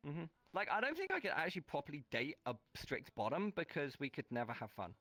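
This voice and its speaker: A man's voice: on the high side, huge pitch swings, fast talker, bright, forceful tone, no room sound. A male streamer in casual chat, playful and teasing as he greets his viewers.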